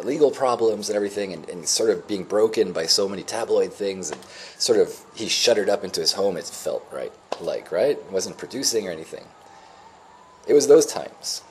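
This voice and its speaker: A man's voice: low-pitched, a little mellow, a little hiss or hum. A man in his forties telling a rambling, emotional personal story in a reflective, spiritual way. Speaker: vlogger.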